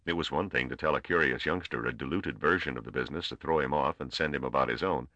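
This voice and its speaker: Very deep-voiced male narrator. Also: bright, forceful tone, dry recording. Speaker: audiobook narrator. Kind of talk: scripted narration.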